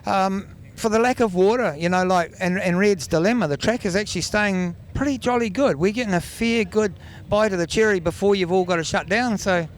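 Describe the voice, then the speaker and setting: A man's voice: high-pitched, fairly quick, hardly any pauses. A man, a race driver answering in an easygoing, rambling way. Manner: easygoing, rambling, laughs a lot. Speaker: racing driver. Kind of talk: trackside interview. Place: outdoor speedway pits.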